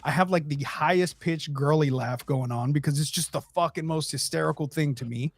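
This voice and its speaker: A man hosting a podcast, telling a story in a loose, profane, animated way. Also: fairly high pitch, a little fast, gravelly. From Texas. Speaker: podcast host. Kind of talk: casual storytelling chat.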